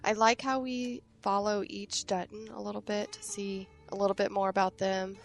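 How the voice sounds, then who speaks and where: A woman co-hosting a TV recap podcast, congested from allergies, with a husky voice in casual chat. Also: level tone, moderate pace. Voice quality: deeper than usual, husky. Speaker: podcast co-host.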